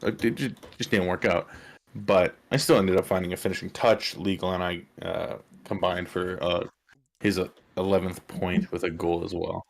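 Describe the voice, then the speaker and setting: A man's voice: sits low, steady tone, normal speed, creaky. A man being interviewed as a player in a casual online chat, rambling with many fillers and restarts. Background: chewing on ice.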